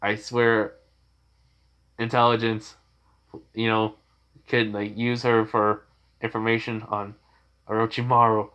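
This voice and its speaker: Man voicing a cocky, panicky teen ninja boy; slow nervous pleading. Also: fairly low pitch, flat delivery, fairly bright tone, clear, resonant tone, muffled recording.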